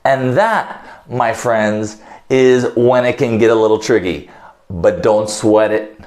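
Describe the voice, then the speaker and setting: A man's voice: fairly low pitch, slow pace, a little mellow. A man with an American accent teaching phrasal verbs in a video lesson. He explains each one, mixes in Portuguese, and acts out short phone calls. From United States. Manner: switches between English and Portuguese explanations. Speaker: English teacher.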